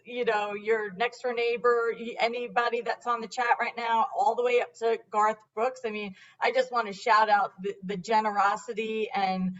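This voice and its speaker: A woman with a Staten Island New York accent, a board member talking earnestly in a halting, conversational way. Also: on the high side, fairly bright tone, distant mic, lo-fi sound. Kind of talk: conversational interview chat.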